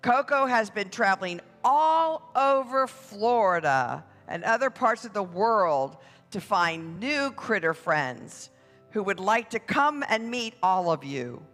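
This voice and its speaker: A parade announcer emceeing a church event for families in a playful, drawn-out way. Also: mid-range voice, very animated, a bit bright. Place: church hall. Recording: echoey hall with music behind.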